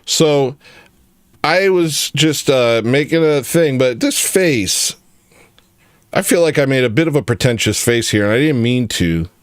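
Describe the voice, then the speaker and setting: A man's voice: medium pitch, lively intonation, unhurried, clear, resonant tone, no echo, studio quality. A man hosting a casual comedy livestream, rambling and joking while reacting to chat. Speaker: livestream host.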